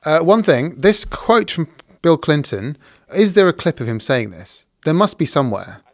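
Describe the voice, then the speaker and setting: A man hosting a podcast, reading the outro notices briskly and bantering with guests. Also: a little high, very animated, a little hiss or hum. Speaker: podcast host.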